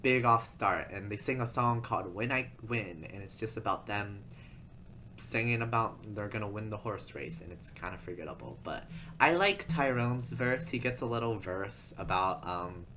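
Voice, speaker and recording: A man's voice: fairly low pitch, moderate pace, sharp tone, slight background noise. A man narrating a casual video essay in a rambling, chatty way, full of asides.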